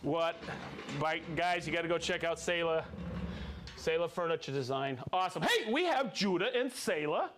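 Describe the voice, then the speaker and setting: Male stream host, high voice with big swings, cheery shout-outs to viewers. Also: lively intonation, moderate pace, background noise. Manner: upbeat, cheering, chatty asides. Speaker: livestream host.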